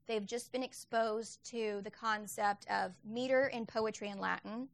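A woman's voice: a little high, fairly bright tone. A woman Latin teacher explaining her lessons in a chatty, explanatory way, often correcting herself as she goes.

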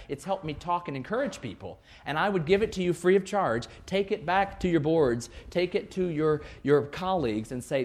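A man, a music educator, giving a lively, joking conference presentation and acting out quoted voices. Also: on the high side.

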